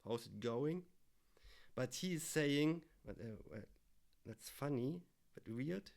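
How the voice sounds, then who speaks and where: A German man with a German accent hosts a reaction video, talking slowly and deliberately. He explains words in casual commentary, pausing often with hesitant fillers. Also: mid-range voice, lively intonation, vocal fry, darkish tone, a little hiss or hum.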